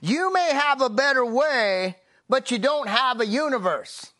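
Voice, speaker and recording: Man putting on a folksy old radio preacher voice, high-pitched, slow drawn-out words. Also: animated, bright, forceful tone, full character voice. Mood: emphatic. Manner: slow, drawn-out emphatic delivery. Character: folksy old male radio Bible teacher.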